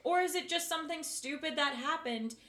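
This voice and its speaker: Young woman, podcast host, casual chat, laughs a lot, higher voice, echoey room. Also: a little fast, bright, forceful tone. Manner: laughs often, chatty and emphatic. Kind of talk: casual chat between friends.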